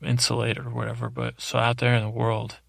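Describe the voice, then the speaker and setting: A man with a heavily gravelly voice drones through a rambling bedtime story, keeping his pitch level and monotone. He wanders, stalls and corrects himself as he goes, speaking close to a dry microphone. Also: fairly quick, dry recording. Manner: meandering, droning, self-interrupting. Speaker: podcast host. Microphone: close studio microphone.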